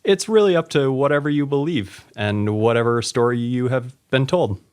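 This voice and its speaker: A man hosting a podcast, explaining a story with relish in a relaxed chat. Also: medium pitch, normal speed, clean tone. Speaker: podcast host.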